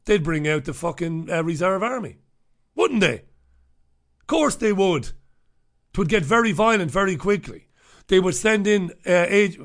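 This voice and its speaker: A man's voice: sits high, expressive, measured pace, pauses often. A man hosting a radio show, delivering an angry, sarcastic monologue full of swearing. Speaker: radio host. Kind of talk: ranting monologue.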